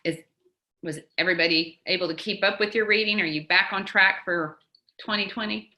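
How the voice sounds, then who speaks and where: A woman's voice: medium pitch, a little fast, pushed and bright. Chatty upbeat woman in an echoey room. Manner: chatty and upbeat, quotes often, laughs easily. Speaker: team leader teaching a book study. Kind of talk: casual group coaching talk.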